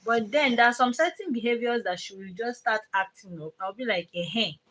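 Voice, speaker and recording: A young mother's voice, on the high side, a little fast and fairly bright, comes through poor audio as she chats about parenting on a live stream. She wanders off track, starts over, uses lots of fillers, and pauses occasionally to tell off her children.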